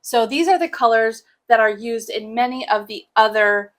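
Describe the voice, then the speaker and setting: A woman's voice: fairly high pitch, normal speed. A young woman hosting a casual cross-stitch show, chatting in a joking, sarcastic way and laughing often. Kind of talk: casual chat.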